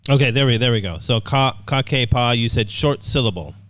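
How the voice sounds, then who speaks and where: An upbeat man teaches an online class over a computer microphone, with a voice of ordinary middle pitch. He often repeats himself and checks in with the students. The sound is dry and close. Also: brisk, a bit bright, no echo. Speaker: English writing teacher.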